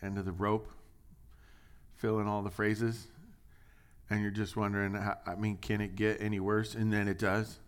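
A middle-aged male pastor preaching a conversational sermon, dropping to hushed asides and rising to loud, emphatic readings. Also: fairly low pitch, level tone, normal speed, pauses often, clean tone.

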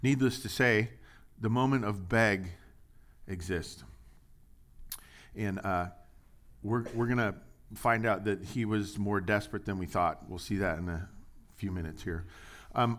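A middle-aged pastor delivers a conversational sermon in a lowish voice at a moderate pace, leaving long pauses. He sinks into hushed asides and then rises into loud, emphatic readings.

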